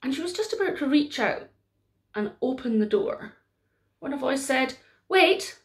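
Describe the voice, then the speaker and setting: A woman storyteller telling a traditional folk tale aloud in a gently dramatic way. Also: high voice, very animated, moderate pace.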